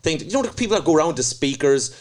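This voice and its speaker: A man's voice: a little high, very fast. A man, a comedian, telling a story in casual chat with a profane, ranting delivery. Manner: profane, ranting, animated retelling.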